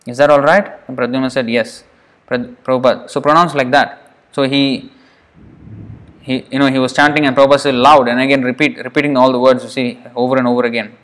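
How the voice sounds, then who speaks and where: A man's voice: medium pitch, steady tone, a little fast, pauses often, a bit bright. A man giving a devotional scripture class in an earnest way, often repeating words for emphasis. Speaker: lecturer.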